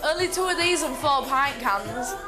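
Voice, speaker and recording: Young woman, high and lively, tipsy giggly chatter. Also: normal speed, loud music behind the voice. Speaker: documentary subject. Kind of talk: casual chat.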